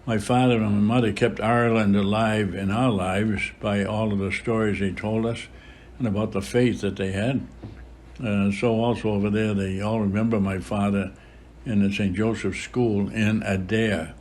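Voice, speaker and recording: A man of about a hundred, a priest recalling his life in an interview, unhurried, with frequent filler pauses. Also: fairly low pitch, little pitch movement, darkish tone, a little hiss or hum. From Boston area, USA. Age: about 100. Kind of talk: reminiscing in an interview.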